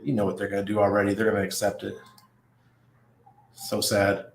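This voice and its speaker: A middle-aged man hosts a casual livestream from his apartment, talking loosely and laughing often as he reads out viewer comments. His voice sits on the low side, and it rings a little in an echoey room. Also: monotone, a little fast, gravelly, a little hiss or hum. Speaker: livestream host. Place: apartment above a busy nightlife street. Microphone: studio mic at desk.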